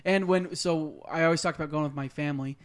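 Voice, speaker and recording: Young guy gushing away in a casual live chat, voice on the higher side, lots of "you know"s. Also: steady tone, quick pace. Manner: enthusiastic, gushing, lots of fillers. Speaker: podcast co-host.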